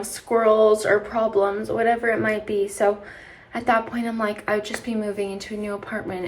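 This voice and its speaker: Talking to camera in a casual vlog, a sleep-deprived young British Columbian chats and rambles, often saying "like" and starting over. She has a medium-pitched voice, and there's slight background noise.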